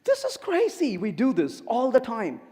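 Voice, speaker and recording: A man's voice: very high voice, normal speed. A man giving a humorous technical talk at a conference, telling stories and acting out dialogue. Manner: animated storyteller acting out dialogue. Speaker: conference speaker. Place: conference hall. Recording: echoey conference hall.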